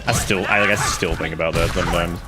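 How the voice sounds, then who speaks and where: A man's voice: sits low, steady tone, fast. A man streaming a video game, cracking jokes and swearing casually as he plays. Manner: joking, profane, rambling. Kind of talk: casual gameplay commentary. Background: game music.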